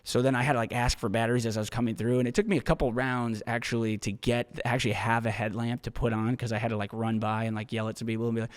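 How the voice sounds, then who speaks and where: Male podcast host, mid-pitched, loose and profane, long room reverb. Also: fairly even intonation, quick pace, few pauses. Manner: casual, rambling, swears freely. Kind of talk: solo podcast monologue.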